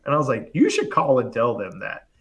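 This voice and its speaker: Animated man telling a story on a live show. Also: medium pitch, slightly rough, muffled recording. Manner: animated, fast storytelling full of "like" and acted-out quotes. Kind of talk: casual storytelling chat. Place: live online show, remote.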